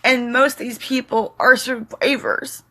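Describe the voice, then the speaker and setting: A middle-aged woman vlogging straight to camera, tearful, pleading and defiant, speaking in short halting fragments. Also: fairly high pitch, fairly even intonation, sharp tone. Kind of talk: emotional direct-to-camera monologue.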